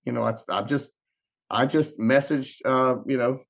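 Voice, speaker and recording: This podcast guest speaks at a moderate pace with a medium-pitched voice and vocal fry, and the highs are cut off in the recording. He animatedly tells an emotional story, acting out the dialogue and repeatedly restarting words.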